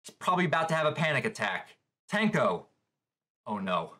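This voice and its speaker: A man's voice: medium pitch, very animated, normal speed, noisy background. A man hosting a live manga reaction, describing the panels aloud and reacting with shock to what he reads.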